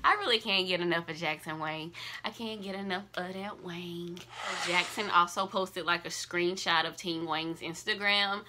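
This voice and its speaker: Gushing bright-voiced young woman vlogger. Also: on the low side, a little hiss or hum. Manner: gushing, effusive, slangy. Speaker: fan news vlogger. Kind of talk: casual excited fan vlog.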